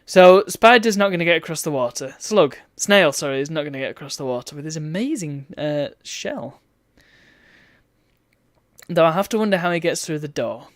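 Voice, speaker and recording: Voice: medium pitch, expressive, moderate pace, dry recording, studio quality. Wry streamer playing a retro game. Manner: wry, chatty, reads game text aloud. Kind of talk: let's play commentary.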